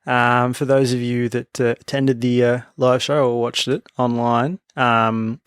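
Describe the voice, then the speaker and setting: A man's voice: medium pitch, level tone, measured pace, smooth, no room sound, clean studio sound. An Australian man co-hosting a casual podcast, joking around and leading the talk with questions. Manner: jokey, leads with questions, many fillers. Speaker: podcast co-host. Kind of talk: casual chat.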